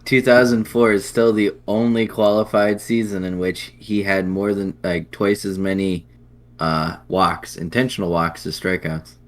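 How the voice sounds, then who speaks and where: Male podcast co-host, very deep voice, dry and jokey, rattles off numbers. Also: little pitch movement, unhurried. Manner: dry, jokey, reels off stats. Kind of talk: casual chat about baseball.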